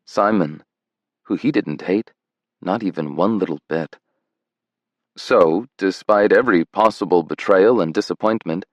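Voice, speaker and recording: Low-voiced male audiobook narrator. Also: no room sound. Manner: measured and tender. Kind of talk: scripted narration.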